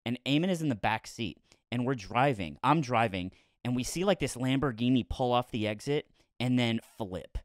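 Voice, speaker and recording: A man's voice: mid-range voice, moderate pace, dry recording, clean studio sound. A man co-hosting a podcast, telling a dream story in casual chat and acting out the quotes. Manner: animated storytelling, laughs often, acts out quotes. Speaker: podcast co-host.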